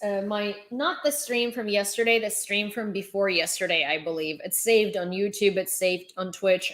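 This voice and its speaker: A woman's voice: medium pitch, fairly bright tone. A young woman streaming casual news commentary, her voice in an ordinary middle register. She talks in a chatty, offhand way and drifts into sarcasm, stopping to restart her sentences and filling gaps with ums and likes.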